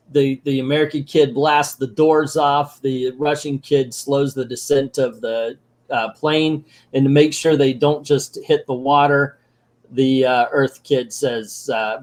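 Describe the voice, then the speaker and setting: An older man recapping a comic book in a casual, sarcastic way, mocking the story and acting out its lines in quick voices. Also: mid-range voice, darkish tone.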